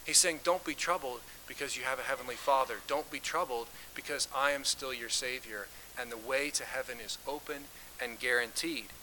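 A man's voice: medium pitch, moderate pace, hardly any pauses, sharp tone, a little hiss or hum, low-quality recording. A man leading an interactive Bible study who talks conversationally, puts questions to the group and reads scripture aloud with emphasis.

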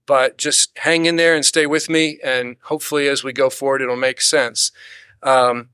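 Bright-voiced man teaching a Bible lesson. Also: fairly high pitch, no echo, clean studio sound. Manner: steady explanatory delivery with rhetorical questions; acts out quoted complaints in animated bursts.

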